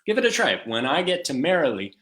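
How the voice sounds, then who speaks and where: A man leading a live online music class for young children at home, chanting and singing in a slow call-and-response style. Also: a little high, very animated, fairly bright tone. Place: home room.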